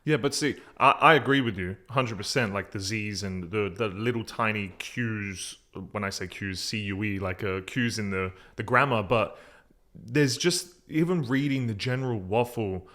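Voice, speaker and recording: A man's voice: fairly low pitch, normal speed, sharp tone. A man, co-hosting a podcast and telling stories in a rambling, conversational way. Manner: rambling storyteller, restarts his sentences. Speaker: podcast co-host, software company founder. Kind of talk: casual chat.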